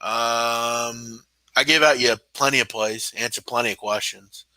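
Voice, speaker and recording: A man's voice: mid-range voice, fairly even intonation, a little slow, bright, forceful tone, no echo. A young man hosting a live sports betting show, ranting with sarcasm, exasperation and heavy swearing. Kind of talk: live-stream casual rant.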